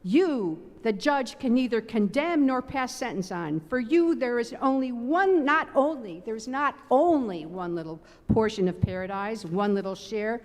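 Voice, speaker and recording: A woman's voice: a little high, expressive, a little slow, hardly any pauses. A woman voicing a tender heavenly judge. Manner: gentle, earnest, consoling. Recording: long reverb of a large sanctuary.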